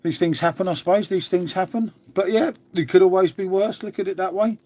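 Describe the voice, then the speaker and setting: An English man with a high-sitting, steady, slightly mellow voice talks briskly on a live stream. He answers viewer comments in a relaxed, casual way and calls everyone mate.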